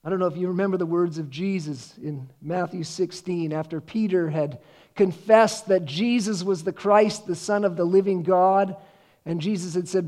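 Guy preaching a sermon, pretty high voice, earnest and steady. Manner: earnest, preaching with slow emphatic scripture readings. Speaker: pastor.

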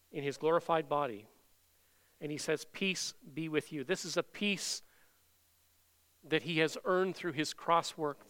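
A man preaching an expository sermon, reading scripture aloud earnestly and slowing down to stress the quoted words. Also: a little high, fairly bright tone, clear, resonant tone.

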